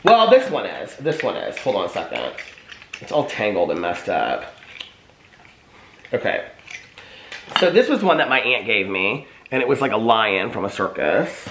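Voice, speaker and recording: Animated, bright-voiced man chatting to camera. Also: on the low side, measured pace, pauses often, roomy sound, a little hiss or hum. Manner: chatty, animated, asks viewers questions. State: out of breath. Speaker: vlogger showing old Christmas keepsakes. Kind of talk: casual chat to camera.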